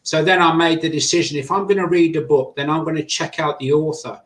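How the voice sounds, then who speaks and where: A man's voice: fairly high pitch, brisk. A man with an English accent, a podcast guest, telling his stories animatedly and acting out other people's quotes. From England. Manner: animated storyteller who acts out quotes. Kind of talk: conversational storytelling. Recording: roomy echo.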